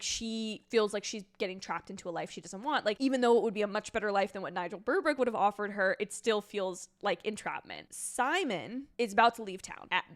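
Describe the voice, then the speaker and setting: A woman casually recapping a TV episode in a chatty, animated way, full of "like" and pet names. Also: medium pitch. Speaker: recap vlogger.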